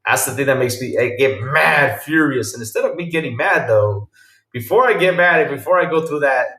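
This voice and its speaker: Male podcast host, lively pitch, roomy echo; casual, laughs a lot, repeats phrases. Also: a little fast. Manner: animated, laughs often, repeats himself. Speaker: podcast host reading live chat. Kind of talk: casual livestream chat.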